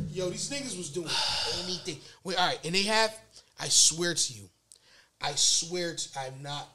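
Male podcast co-host, loud and laughing, with a bright, fairly high voice. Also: expressive, measured pace. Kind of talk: casual comedic banter.

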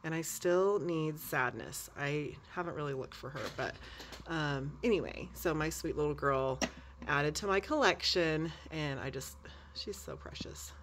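Congested older woman, low voice. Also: unhurried, background noise. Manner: chatty, folksy, drops to soft murmurs. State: congested, breathing hard. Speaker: teacher and vlogger. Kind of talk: casual chat to camera.

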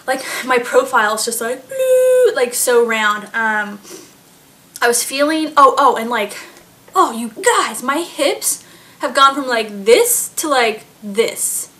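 A woman's voice: on the high side, pushed and bright. A pregnant woman in her late twenties chatting casually to her vlog audience, giggling often and filling her talk with fillers. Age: late 20s. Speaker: vlogger. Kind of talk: casual chat.

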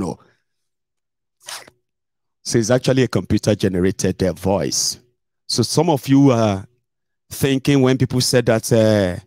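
A man's voice: mid-range voice, warm tone, dry recording, clean studio sound. A man with a Nigerian accent hosting a political livestream, chatty and digressive, slipping into pidgin with many fillers. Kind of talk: casual livestream commentary.

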